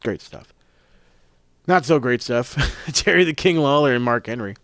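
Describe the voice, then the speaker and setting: A podcast host reviewing wrestling events recaps matches in casual chat that is profane, rambling, and full of self-corrections. His medium-pitched, slightly bright voice has lively intonation and a moderate pace, recorded dry with clean studio sound.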